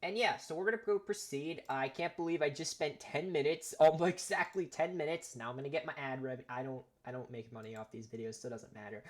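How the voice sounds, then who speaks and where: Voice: mid-range voice, quick pace, hardly any pauses. A host giving casual, chatty commentary over a simulator game, laughing often and getting sidetracked. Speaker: gaming video host.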